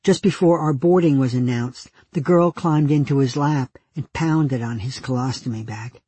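A man reading his own diary entries aloud with dry, deadpan humor. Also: medium pitch, normal speed, husky, no echo. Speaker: narrator.

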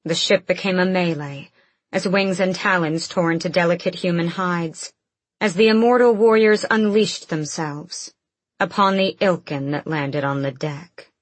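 A woman narrates a fantasy audiobook in a measured, steady storytelling manner. Her voice is lowish, and the recording has no room sound.

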